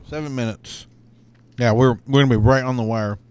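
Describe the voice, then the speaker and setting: Male gaming commentator, average pitch, casual and rambling, chatty gameplay talk. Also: steady tone, normal speed, darkish tone, clear, resonant tone. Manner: rambling, thinks aloud with fillers and restarts. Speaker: gaming YouTuber.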